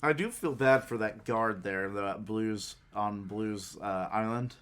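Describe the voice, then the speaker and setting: A man's voice: fairly low pitch, slow pace, a bit bright, clean tone. A man co-hosting a podcast, chatting in an easygoing way, laughing and putting on voices for quotes. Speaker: podcast co-host. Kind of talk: casual chat recapping an anime.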